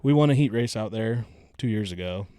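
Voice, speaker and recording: A man telling racing stories as a podcast guest, animated and cocky, swearing freely. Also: on the low side, brisk, clean tone, no echo. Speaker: guest, race car driver. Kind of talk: casual storytelling.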